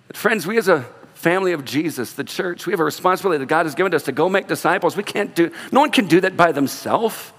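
A man with a notably high voice preaches a lively sermon to his church. He shifts his tone to act out the people he quotes. His words ring out with the long reverb of a large hall. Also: quick pace. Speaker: pastor.

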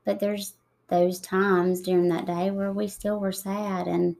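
A woman in her thirties, soft-spoken and reflective, talking slowly with pauses in an emotional interview. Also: medium pitch, flat delivery, creaky. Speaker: guest.

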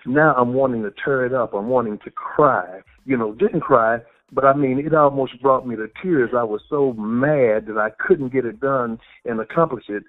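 A man's voice: mid-range voice, moderate pace, few pauses, phone-quality sound. Reflective male podcast host. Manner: storytelling, reflective, affirms the guest often. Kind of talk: conversational interview.

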